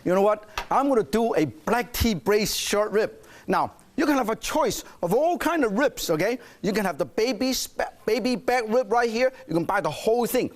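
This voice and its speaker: A man's voice: sits high, animated, normal speed. A man hosting a cooking show, demonstrating a dish in a studio kitchen with playful energy, coaxing his audience along.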